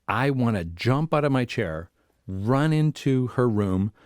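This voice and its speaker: A man's voice: medium pitch, lively intonation, unhurried, darkish tone, clean tone, dry recording, studio quality. A man, a family therapist, telling personal stories on a podcast in a reflective way and acting out voices within them. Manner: reflective, acts out inner voices in his stories. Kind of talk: conversational podcast storytelling.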